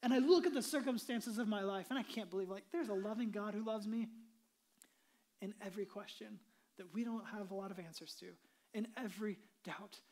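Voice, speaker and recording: A woman pastor giving an earnest, conversational sermon, dropping into a soft hushed delivery on solemn points. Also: mid-range voice, fairly quick. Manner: earnest, conversational preaching with many "like" asides.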